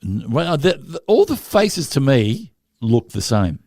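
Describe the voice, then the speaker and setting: A man's voice: medium pitch, big pitch swings, unhurried, a little mellow, dry recording. A man with an Australian accent, co-hosting a casual podcast chat with wry anecdotes. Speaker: podcast co-host.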